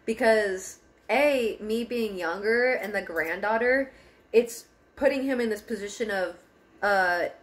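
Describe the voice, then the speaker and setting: A woman's voice: mid-range voice, a little slow. A young woman telling a personal story in a casual car vlog, candid, laughing often and swearing freely. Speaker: vlogger. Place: parked car.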